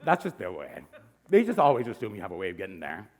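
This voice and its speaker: A man voicing a flamboyant, doting grown man who calls everyone honey and baby, in a purring drawn-out way. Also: sits low, huge pitch swings, pitched below the performer's own voice, full character voice. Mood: sassy doting.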